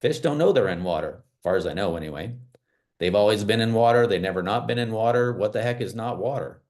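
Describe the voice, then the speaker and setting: A man from small-town America giving an animated, emphatic motivational talk over a video call, with casual fillers. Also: on the low side, quick pace. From small-town United States.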